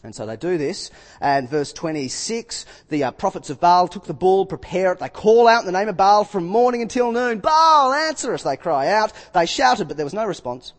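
A man preaching a sermon, retelling scripture with lively acted-out quotes. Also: high-pitched, moderate pace, long reverb tail.

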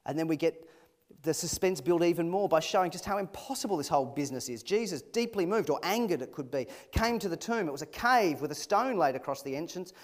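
A man preaching a sermon in a conversational, expressive way, asking his listeners rhetorical questions. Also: fairly high pitch, quick pace. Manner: expressive, shifting emphasis.

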